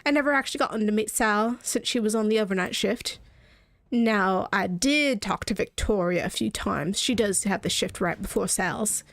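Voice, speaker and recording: A woman's voice: mid-range voice, moderate pace, a bit bright, dry recording, studio quality, close to an everyday voice. A woman voicing a hostile, distrustful middle-aged working man with a half-hearted put-on accent. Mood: grudging.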